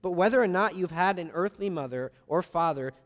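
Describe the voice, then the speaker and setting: A man preaching a sermon, earnest, swinging between loud emphasis and soft, quiet lines. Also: high voice, expressive, fairly quick. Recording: long reverb of a large hall.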